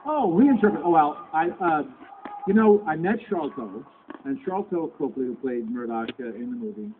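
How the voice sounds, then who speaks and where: A man in his sixties telling stories as a convention panel guest, halting with many restarts. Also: on the high side, animated. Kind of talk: anecdotal Q&A talk. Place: convention hall. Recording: tinny lo-fi convention hall recording with background noise.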